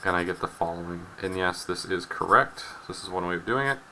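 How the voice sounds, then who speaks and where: Wry deep-voiced man teaching chemistry. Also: brisk, pushed and bright, slight background noise, rough recording. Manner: wry storytelling, acts out students' voices. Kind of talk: recorded chemistry lesson with anecdote.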